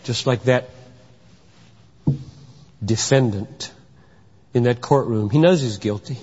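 A man's voice: medium pitch, takes it slowly, darkish tone, breathy edge. A man preaching a sermon, emphatic and dramatic, acting out courtroom scenes as he teaches. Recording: echoey hall, dull lo-fi sound.

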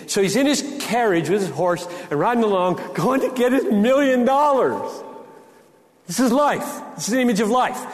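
A man in his sixties gives a lively conference talk with a preaching edge, joking as he goes and tripping into restarts. His voice sits high for a man. It rings out with a long reverb through a large hall. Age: 60s. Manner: animated and joking, with frequent restarts. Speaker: conference speaker.

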